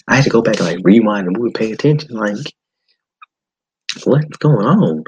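Husky low-voiced man ranting about movies. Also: moderate pace, highs cut off. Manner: animated, blunt, swears often. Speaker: podcast host. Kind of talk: casual movie-review monologue.

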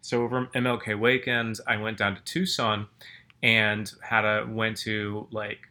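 A man's voice: lowish voice, flat delivery, measured pace, bright, forceful tone. A man chatting casually as a podcast co-host, rambling through stories and often stopping to restart his sentences. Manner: rambling, self-interrupting storyteller. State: groggy after a nap. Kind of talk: casual chat.

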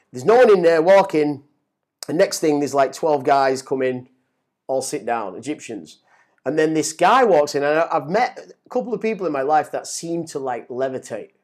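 A middle-aged man telling a story as a guest, animated and swearing, often repeating words as he gets excited. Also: on the high side. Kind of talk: casual storytelling.

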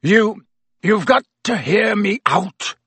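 A man's voice: medium pitch, expressive, takes it slowly, pushed and bright, dry recording, exaggerated voice. Man doing a snarling, desperate convict. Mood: desperate croak. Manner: snarling, croaking. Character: desperate escaped male convict, gaunt and fierce.

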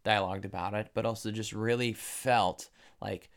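A man's voice: fairly low pitch, fairly even intonation, moderate pace. A man hosting a podcast conversation, agreeable and affirming toward his guest.

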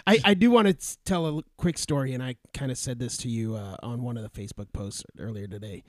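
A man's voice: mid-range voice, fast, no room sound, studio quality. A man co-hosting a sports podcast who tells a story in a rambling way, with lots of fillers, restarts and laughter. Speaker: podcast co-host. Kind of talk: casual sports banter, storytelling.

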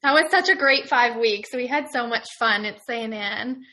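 A woman's voice: fairly high pitch, moderate pace, bright, forceful tone. A young Canadian woman, a small business owner, chatting as a guest in an upbeat, enthusiastic way. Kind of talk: casual interview chat.

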